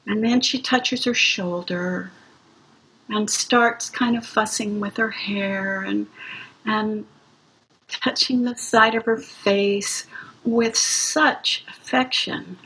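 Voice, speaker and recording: A woman recounting a hospice experience in an interview, gently and reflectively. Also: medium pitch, steady tone, breathy edge, low-quality recording. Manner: gentle, slow, reflective storytelling. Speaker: music practitioner playing for hospice patients. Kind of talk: interview storytelling.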